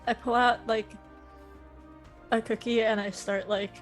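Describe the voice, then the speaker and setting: A woman's voice: a little high, little pitch movement, a little slow, soft background music. A woman playing a tabletop game, chatty and playful. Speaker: player. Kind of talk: casual tabletop play.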